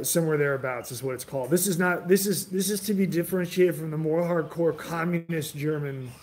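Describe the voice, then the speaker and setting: Male, casual history talker; rambling, profane, filler-heavy, voice a touch high. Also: a little mellow. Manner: loose and profane, heavy filler words, frequent restarts.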